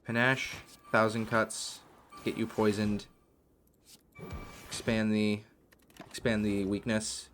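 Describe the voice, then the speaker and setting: A man's voice: on the low side, flat delivery, slow pace, long pauses, a bit bright, a little hiss or hum. A man commentating his own card game play, muttering card names and worried asides as he goes. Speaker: gaming video host. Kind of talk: gameplay commentary.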